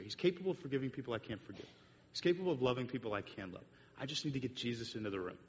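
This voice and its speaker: A man's voice: animated, very fast. A man giving a sermon with slides, telling a long story with many fillers and restarts. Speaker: speaker giving a church talk with slides. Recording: muffled echoey hall recording with faint rumble.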